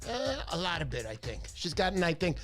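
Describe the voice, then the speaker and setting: A man hosting a casual fishing livestream, chatty and animated, with a stuffy nose from a cold. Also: fairly high pitch, a little fast, soft background music. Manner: chatty storyteller, animated impressions.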